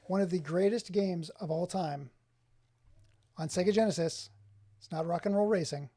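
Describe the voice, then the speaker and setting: Mellow-voiced excitable male streamer. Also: high-pitched, moderate pace. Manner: excitable, exclaims often, chats with viewers by name. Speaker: streamer showing his game collection. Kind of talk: casual live-stream chat. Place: home office.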